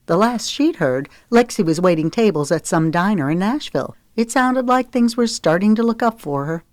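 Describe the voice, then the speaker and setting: A woman narrating a romance audiobook in a steady, measured reading. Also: medium pitch, no echo, clean studio sound. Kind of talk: scripted narration.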